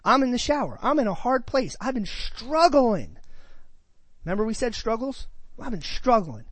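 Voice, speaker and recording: A man's voice: very high-pitched, big pitch swings, normal speed, dry recording. A man preaching a sermon, reading scripture and asking his congregation questions with emphatic delivery.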